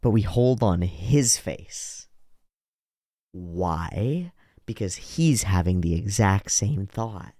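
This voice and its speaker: A man's voice: lowish voice, lively intonation, slow, mellow, dry recording, clean studio sound. A man hosting an anime reaction video, speaking bluntly and emphatically, with some swearing. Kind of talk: reaction commentary.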